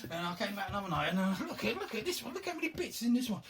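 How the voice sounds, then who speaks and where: A man's voice: high voice, big pitch swings, rapid-fire, a bit bright, a little hiss or hum. A man rambling casually as he shows off a handmade box for a board game, thinking aloud and poking fun at himself. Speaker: hobbyist showing his handmade game box. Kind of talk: casual show-and-tell chat.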